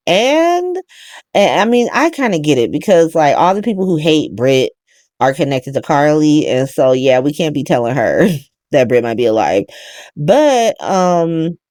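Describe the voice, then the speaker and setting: A woman with a notably low voice recaps a soap opera on her podcast in an easy, casual chat. She talks in an animated, profane way and laughs along the way. The sound is dry and close, with almost no room around it. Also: no echo.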